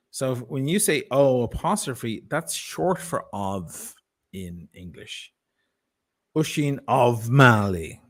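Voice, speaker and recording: An Irish man talking as a guest in a casual chat, telling stories in an animated way and swearing freely. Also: mid-range voice. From Ireland.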